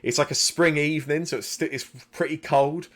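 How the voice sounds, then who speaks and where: A man's voice: a little high, fairly quick. A man narrating as game master of a tabletop game, rambling and restarting with many fillers.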